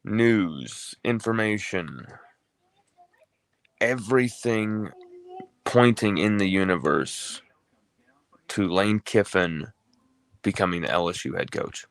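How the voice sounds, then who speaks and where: A man's voice: lowish voice, animated, slow pace, pauses often, no room sound. A man hosting a casual sports talk livestream, rambling and conversational, often correcting himself mid-sentence. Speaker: sports talk show host.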